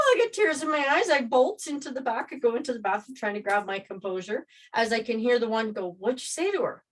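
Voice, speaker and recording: A woman casually telling a personal story, rambling and animated as she re-enacts scenes. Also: high voice.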